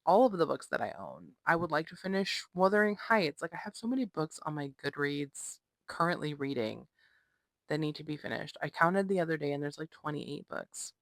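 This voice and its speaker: Gushing young woman with a gravelly edge. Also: low voice, expressive, fairly quick, no room sound. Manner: gushing and chatty, with many fillers. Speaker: book vlogger. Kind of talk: casual chat.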